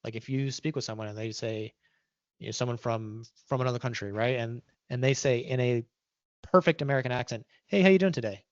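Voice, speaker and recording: A man's voice: medium pitch, fairly even intonation, a little fast, dry recording, lo-fi sound. A man giving an interview, talking casually with restarts and "right?" tags. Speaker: guest.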